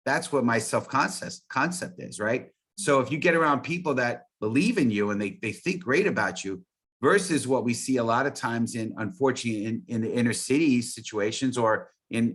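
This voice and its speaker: A man's voice: medium pitch, moderate pace, fairly bright tone. A man talking as an interview guest, earnest and rambling with many restarts. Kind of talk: casual interview chat.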